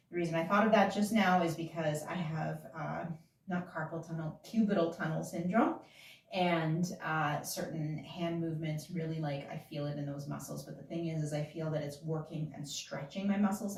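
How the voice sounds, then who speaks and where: In an echoey room, a female dance instructor leads a casual class, counting beats aloud and explaining the moves in a chatty, giggly manner. Her voice is low-pitched and darkish, picked up off-mic from a distance.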